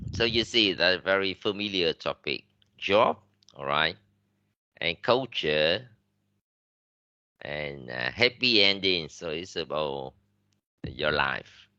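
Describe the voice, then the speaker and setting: A man's voice: deep voice, pushed and bright, smooth, no echo, highs cut off. A man with a Vietnamese accent giving a classroom lecture as an English teacher, switching between English and Vietnamese with many fillers and restarts.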